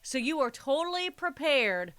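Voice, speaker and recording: Bright-voiced woman chatting emphatically. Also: high voice, moderate pace. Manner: emphatic, animated storytelling. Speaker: podcast co-host. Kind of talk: casual chat.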